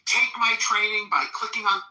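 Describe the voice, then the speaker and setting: A woman teaching English pronunciation, enunciating slowly and deliberately. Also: a little high, little pitch movement, bright, forceful tone, reverberant, poor audio. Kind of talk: pronunciation lesson.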